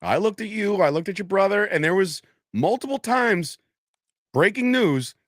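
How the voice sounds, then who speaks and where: A man with a fairly high voice whose pitch swings up and down as he tells stories. He laughs often in casual sports banter, and the sound is close and dry. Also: animated, moderate pace, dry recording. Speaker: podcast co-host.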